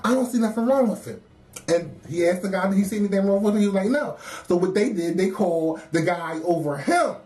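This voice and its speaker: A woman's voice: mid-range voice, lively intonation, fairly quick, warm tone. A woman, telling a casual work story, laughing often and acting out the voices of the people she quotes.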